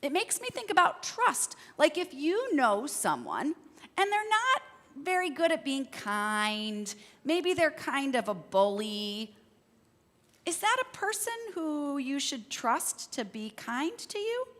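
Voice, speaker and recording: Woman telling a kids' story in church, high lively voice, long church echo. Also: slow. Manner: warm, interactive storytelling with questions to the children. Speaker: worship leader telling a children's story. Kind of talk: children's story in a sermon. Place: church sanctuary. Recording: long reverb of a church sanctuary.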